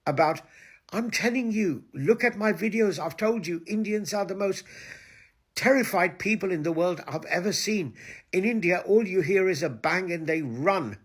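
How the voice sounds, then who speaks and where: A man's voice: sits high, breathy edge. A man hosting his own video channel, ranting crudely and mockingly to camera and switching between English and Hindi-Urdu. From Pakistan. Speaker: online video host.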